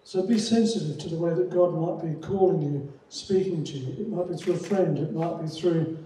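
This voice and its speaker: A middle-aged Australian man speaks in a fairly high but deeply mellow voice, earnest and measured, leaning on his words with pauses. He is heard from across a very echoey hall, with a faint hiss of noise underneath. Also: recorded from a distance. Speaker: theology lecturer. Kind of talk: open-day talk to prospective students.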